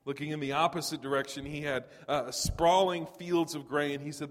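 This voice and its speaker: A man's voice: a little high, steady tone, moderate pace, slight background noise. A man in his forties from Texas, preaching a sermon in a conversational storytelling way with touches of humor. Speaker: pastor. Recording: long reverb of a large hall.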